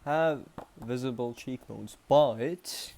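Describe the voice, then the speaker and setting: A young man with a Canadian accent rambles slowly through a casual vlog. He speaks in a middle pitch, mocks himself, and trails off and restarts his sentences often. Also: gravelly, a little mellow. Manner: rambling and self-mocking, with many restarts and trailing pauses. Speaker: vlogger. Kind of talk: casual self-improvement vlog.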